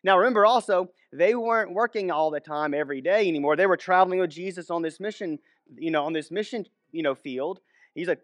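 A man's voice: sits high, a little fast, no room sound, studio quality. A young man, a minister, giving a casual, conversational Bible teaching with many restarts and asides.

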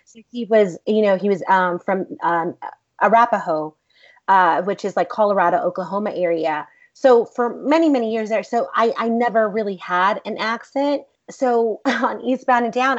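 Animated Texan actress, interview guest, rambling anecdotes, slightly muffled recording. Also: female voice, mid-range voice. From Texas. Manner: animated, rambling, many fillers like "like". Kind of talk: casual interview storytelling.

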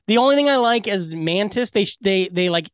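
A man's voice: sits high, animated, a little fast, clear, resonant tone, no echo, studio quality. A man co-hosting a podcast, telling rambling, profane comic stories in casual chat. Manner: rambling, profane, jokey storyteller. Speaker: podcast co-host.

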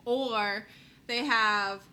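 A woman's voice: a little high, steady tone, very slow, bright, forceful tone, slight background noise. A woman, chatting casually as a podcast co-host and acting out the people she quotes in a recap. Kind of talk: casual chat.

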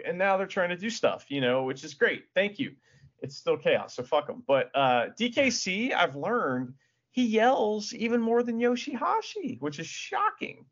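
A man co-hosting a casual podcast, joking and laughing as he recaps matches and mimics shouts. His voice sits a little high and swings widely in pitch. The audio is dull and lo-fi. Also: unhurried. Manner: animated, laughs often, swears, mimics shouts. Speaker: podcast co-host. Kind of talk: casual wrestling recap chat.

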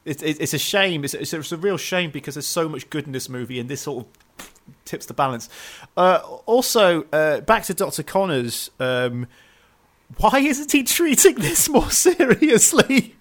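Animated, laughing man. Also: on the high side, moderate pace. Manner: animated, laughs often, stammers and repeats words. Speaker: podcast co-host. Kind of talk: casual film review chat.

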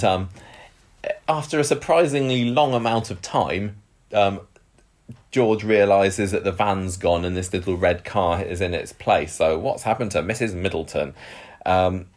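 Wry rambling man. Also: low voice. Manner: rambling, wry, hesitant with many fillers. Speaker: podcast co-host recapping a soap. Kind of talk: casual chat.

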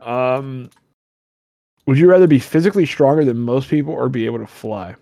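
A man's voice: mid-range voice, moderate pace, creaky, warm tone, dry recording, clean studio sound. A man hosting a podcast, chatting casually in a rambling, joking way and swearing often. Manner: rambling, swears a lot, jokey asides. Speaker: podcast host.

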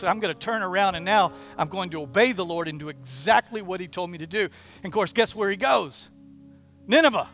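A man preaching a sermon, retelling a story with lively, acted-out quoted prayers. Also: high voice. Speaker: pastor.

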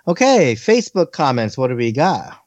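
Teasing man, lively pitch. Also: normal speed, no room sound. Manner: teasing, laughs often. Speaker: podcast co-host. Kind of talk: casual chat. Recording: dull, slightly lo-fi sound.

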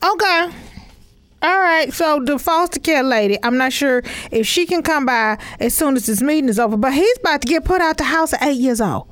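A woman's voice: sits high, expressive, a little fast, fairly bright tone, no echo. Chatty woman in her forties, dry sound. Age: 40s. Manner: chatty and rambling, full of "you know" and "okay?" asides. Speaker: mother telling a family story. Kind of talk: comedic storytelling monologue.

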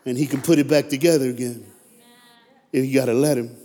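A man's voice: mid-range voice, steady tone, brisk, slight background noise. American man preaching in an echoey hall. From United States. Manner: storytelling, swings from hushed to loud and fired-up, jokes with the crowd. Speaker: motivational speaker. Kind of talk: live motivational sermon to a crowd. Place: large hall with a live audience. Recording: echoey hall with long reverb.

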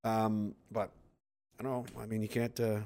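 Here the podcast host speaks in a lowish, clean voice at a moderate pace. He still rambles and curses as he spins his stories, animatedly voicing the quotes.

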